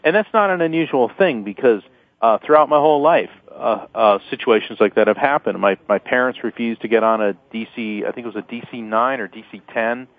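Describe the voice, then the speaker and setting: A man's voice: mid-range voice, a little fast, no room sound. A middle-aged man, a guest attorney and author, telling stories earnestly with lots of fillers and restarts in a phone-in radio interview. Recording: tinny phone-line sound.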